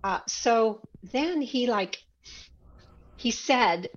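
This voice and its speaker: A woman guest telling a personal story in an interview, reflective and growing animated as she recalls past conversations. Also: a little high, extremely slow, muffled recording.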